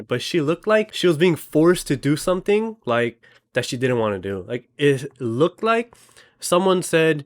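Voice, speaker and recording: A man's voice: a little high, sing-song, unhurried. A young man in casual chat, telling a dream with lots of fillers and acted quotes. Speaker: storyteller.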